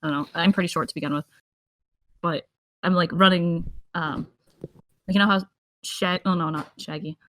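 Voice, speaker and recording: A woman's voice: lowish voice, steady tone, normal speed, pauses often, fairly bright tone, a little hiss or hum. Giggly woman playing a tabletop game. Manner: chatty, giggly. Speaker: player. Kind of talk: casual tabletop game play.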